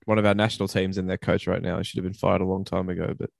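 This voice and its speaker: A man co-hosting a casual sports podcast, a journalist who talks calmly and dryly. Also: low voice, rapid-fire, vocal fry, no echo, studio quality.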